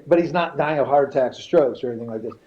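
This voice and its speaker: A man's voice: medium pitch, rapid-fire. A middle-aged man on a podcast, telling a story in casual, profane talk and acting out the people in it. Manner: profane, animated, quotes people in his stories. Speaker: podcast guest. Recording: slightly dull podcast audio, faint noise.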